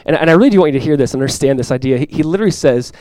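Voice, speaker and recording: Young male pastor preaching, earnest, repeats phrases, slightly higher voice, dry close sound. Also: expressive, racing, no echo, rough recording. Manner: earnest, repeats key phrases, drops to soft intimate tones. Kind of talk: sermon.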